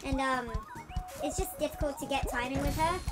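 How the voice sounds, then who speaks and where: A young woman hosting a gaming channel, giving excitable let's-play commentary with loud outbursts, squeals and rambling asides. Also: high voice, moderate pace. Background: game music.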